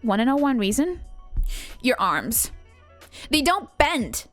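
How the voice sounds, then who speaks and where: A woman's voice: high-pitched, very animated, takes it slowly, a bit bright, soft background music, exaggerated voice. A woman doing a bubbly spoiled American doll. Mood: whiny. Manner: breezy, sing-song bragging monologue. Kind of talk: comic character monologue on a live stream.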